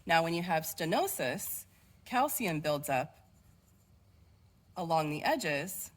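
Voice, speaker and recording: A woman's voice: low voice, very animated, takes it slowly, low-quality recording. A young adult woman, a nursing student, giving a class presentation and explaining step by step with occasional fillers. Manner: explanatory, walks through steps with occasional fillers.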